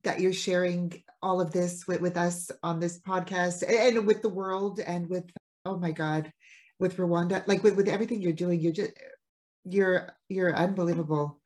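A woman hosts a podcast and reacts with awe to her guest, gushing and running short of words. Her voice sits a little low. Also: steady tone, moderate pace, a little mellow. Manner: effusive, awed reactions. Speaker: podcast host. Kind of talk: podcast interview.

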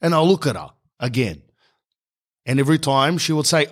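A middle-aged man, telling a comic story in an exasperated, animated rant and calling the viewer "bro". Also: fairly high pitch, moderate pace. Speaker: vlogger.

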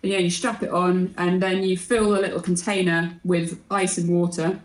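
A woman's voice: fairly low pitch, flat delivery, reverberant, rough recording. A woman guest in a casual chat over a call, playful and teasing. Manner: playful, teasing, quick to laugh.

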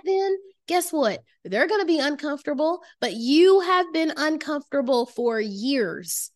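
A woman coaching her listeners in a motivational master class, emphatic and direct, repeating key phrases for weight. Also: sits high. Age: adult with children. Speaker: life coach and podcast host.

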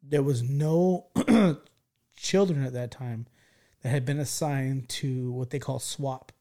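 A man from California hosting a podcast, telling a childhood story in an animated, profane way and checking in with his listeners as he goes. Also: medium pitch, takes it slowly. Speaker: podcast host. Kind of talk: casual storytelling.

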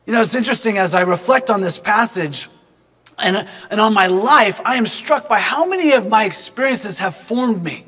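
A man's voice: sits high, lively intonation, moderate pace, a bit bright, husky, long reverb tail. A man giving a devotional reflection through personal storytelling. He is earnest and reflective and speaks directly to the listener.

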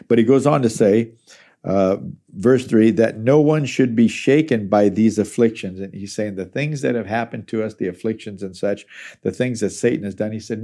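A man's voice: lowish voice, warm tone. A male pastor teaching through a Bible chapter in a conversational sermon style.

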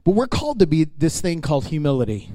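A man's voice: fairly high pitch, very animated, fast, dark tone, no echo. A male pastor preaching a sermon in an emphatic, conversational way, speaking straight to his congregation.

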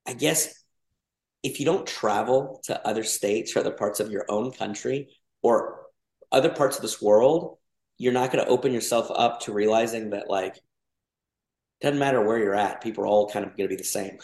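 A man's voice: fairly low pitch, normal speed, creaky, darkish tone. Rambling man in a roomy echo. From Mexico. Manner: rambling, many restarts and fillers. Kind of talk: casual podcast conversation.

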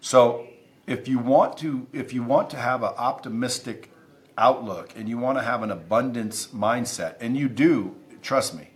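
A man's voice: mid-range voice, a little slow. A man who is a podcast guest, telling stories in an emphatic, intense way and swearing freely. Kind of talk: casual interview storytelling.

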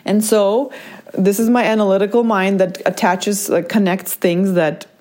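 A woman talking straight to her viewers in a casual, reflective monologue as a mother sharing a story. Her pitch sits in the middle range. She keeps checking in with "right?" and "like", rushing some phrases and stretching others. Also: steady tone, darkish tone. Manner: chatty, often checks in with "right?" and "like"; pace speeds up and slows down within a sentence.

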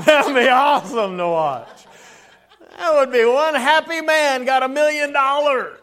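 A man's voice: extremely high pitch, measured pace, a bit bright. A middle-aged male pastor giving a conversational sermon in church, with chuckles and asides.

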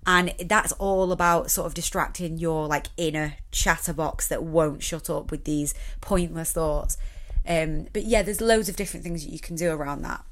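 A young woman chatting casually and rambling, then talking listeners through a relaxation exercise. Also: fairly low pitch. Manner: chatty, rambling, many fillers. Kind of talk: casual chat and guided relaxation.

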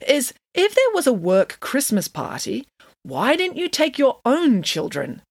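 A woman's voice: high voice, wildly swooping pitch, measured pace, dry recording, clean studio sound, pitched above the performer's own voice, full character voice. A woman voicing a boisterous, vain female pig nanny in a storybook reading, with grand, self-assured declarations. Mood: indignant.

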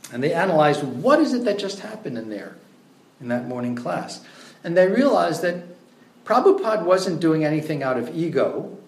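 Conversational man lecturing in a roomy space. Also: a little high. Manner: conversational, many fillers, storytelling. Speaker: religious lecturer. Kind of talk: lecture on scripture. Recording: roomy echo.

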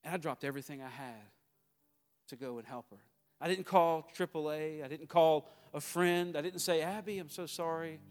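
Southern pastor preaching in a reverberant hall. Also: male voice, on the high side, normal speed, clear, resonant tone, faint music behind. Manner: preaching with swells from quiet storytelling to loud exhortation. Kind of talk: sermon.

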